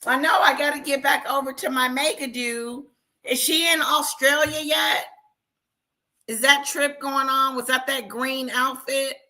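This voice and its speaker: A woman hosting a casual live stream, talking loudly and chatting with her viewers by name. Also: sits high, a little slow, rough recording. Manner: loud, talks to chat viewers by name.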